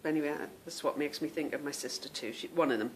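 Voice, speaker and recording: A woman's voice: low voice, fast, a little hiss or hum. A woman hosting a knitting podcast, chatting casually to viewers, rambling off on tangents and stumbling over unfamiliar names.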